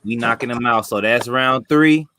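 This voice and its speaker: A man moderating a sneaker battle, calling out rounds in a loud, upbeat way. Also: mid-range voice, moderate pace, crowd noise. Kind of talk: casual hosting.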